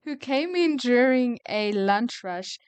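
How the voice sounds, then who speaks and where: Woman VTuber, higher voice, unhurried, reads retail tales then goes off in indignant rants; dry, close sound. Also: animated, clear, resonant tone, no echo. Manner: shifts from level reading to loud indignant rants. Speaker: VTuber reading retail stories. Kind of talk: story reading with ranting reactions.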